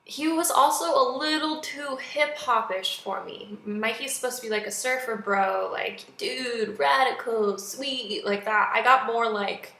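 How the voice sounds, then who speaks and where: A young woman giving a chatty, animated movie review in a casual vlog, acting out quotes now and then. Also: fairly high pitch, normal speed, hardly any pauses. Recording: echoey room.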